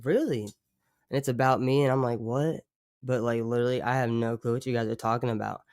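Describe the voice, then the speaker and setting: Talking very fast in a mid-range voice with little pitch movement, a man hosts a laid-back livestream chat packed with fillers like "like," cursing and regular chuckles. His voice is clear and resonant, with no room sound.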